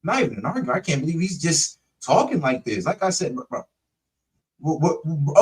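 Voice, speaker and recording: A man's voice: a little high, sing-song, fairly quick. A man casually reacting to a video, sarcastic and incredulous. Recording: voice a bit distant from the mic.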